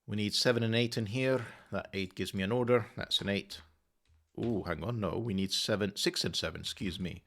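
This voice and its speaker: A man who runs his own channel thinks aloud as he works through a sudoku, muttering methodically and correcting himself along the way. His voice is fairly low and fairly bright, at a moderate pace.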